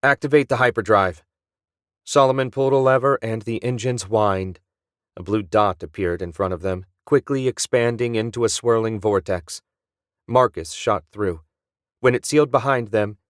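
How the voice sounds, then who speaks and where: A man narrating an audiobook in a steady, even storytelling manner. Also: lowish voice, normal speed, dry recording, studio quality. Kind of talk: scripted narration.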